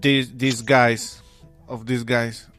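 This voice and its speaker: A man in a group voice chat speaking halting English with hesitant fillers. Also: mid-range voice, flat delivery, fairly bright tone, soft background music. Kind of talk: casual banter.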